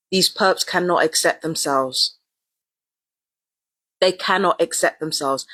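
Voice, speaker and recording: A woman's voice: sits low, a bit bright, no echo. A woman talking casually and at length in a vlog, often repeating herself and using slang. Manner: rambling and repetitive, casual slang. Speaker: vlogger. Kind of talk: casual monologue to camera.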